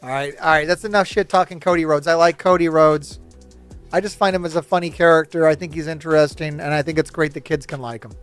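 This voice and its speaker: A man's voice: a little high, steady tone, fast talker, fairly bright tone, smooth, faint music behind. A man hosting his channel, ranting casually and animatedly, laughing often and slipping into mocking impressions. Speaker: host. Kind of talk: casual opinionated rant.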